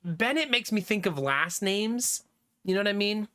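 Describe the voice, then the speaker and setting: A man in his thirties chatting casually with his stream viewers, reading their messages aloud and laughing often. His voice is bright and clear. His pitch swings widely as he talks. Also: animated, moderate pace. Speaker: livestreamer.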